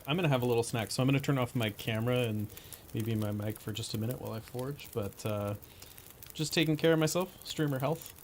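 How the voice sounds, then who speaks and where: Laid-back guy streaming a game, mid pitch, chatting away to viewers, noisy game audio underneath. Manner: relaxed, chatty, talks to viewers and thinks aloud. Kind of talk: casual live gameplay commentary.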